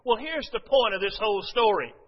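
High-voiced preacher man in a reverberant hall. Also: lively intonation, fairly quick. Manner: storytelling with frequent "uh" fillers; addresses the congregation directly. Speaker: pastor. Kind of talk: sermon. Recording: dull, reverberant hall recording.

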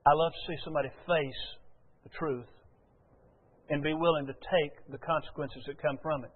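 A man's voice: a little high, fairly even intonation, moderate pace. A male pastor delivering an earnest, emphatic sermon in a church, often repeating his key phrases. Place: church sanctuary. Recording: phone-like sound in a long-echo hall.

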